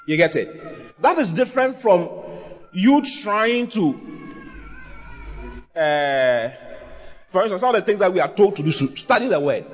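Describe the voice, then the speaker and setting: A pastor preaching a sermon, asking his listeners questions and acting out quoted voices. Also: high-pitched. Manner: animated preaching with acted quotes, asks the congregation questions.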